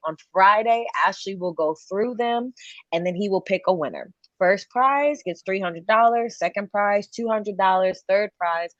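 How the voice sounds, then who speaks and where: A woman hosts an online session in a loose, chatty way, laughing often and filling her talk with "like." Her mid-pitched voice comes through a video call that sounds dull and dry. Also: no echo. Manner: chatty, laughing, lots of filler "like". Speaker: session host. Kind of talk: casual webinar introduction.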